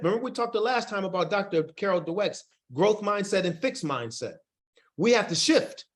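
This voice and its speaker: A man presenting an online workforce training session, animated, folksy and encouraging. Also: high-pitched. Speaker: workshop facilitator.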